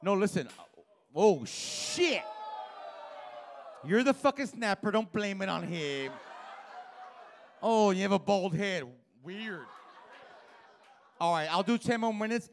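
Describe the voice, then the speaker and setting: Brash, profane stand-up comic, high voice. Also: male voice, animated, normal speed, gravelly, pauses often, slight background noise. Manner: brash, profane, teasing the audience. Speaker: stand-up comedian. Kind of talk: live stand-up crowd work. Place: comedy club stage with a live audience. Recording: live club audio with crowd murmur.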